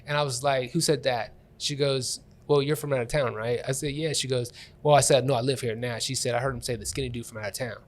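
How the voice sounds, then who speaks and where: A man hosting a comedy podcast, telling rambling, animated stories and laughing often. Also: mid-range voice, fast, hardly any pauses. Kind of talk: casual comedic storytelling. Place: Columbus comedy scene.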